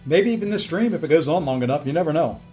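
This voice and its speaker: A man's voice: on the high side, animated, fast, darkish tone, soft background music. A tired, upbeat man live-streaming a video game, chatting casually and thanking viewers by name as he plays.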